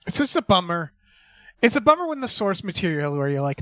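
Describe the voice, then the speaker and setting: A man's voice: high-pitched, big pitch swings, fairly quick, pushed and bright, dry recording. A man hosting a casual podcast, speaking emphatically and with swearing. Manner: emphatic, profane. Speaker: podcast host. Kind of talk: casual chat.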